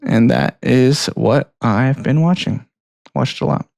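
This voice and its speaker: A man co-hosting a film podcast, chatting casually in a relaxed, rambling way with frequent laughs. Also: medium pitch, slow pace, gravelly, dry recording, studio quality. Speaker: podcast co-host. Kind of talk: casual chat.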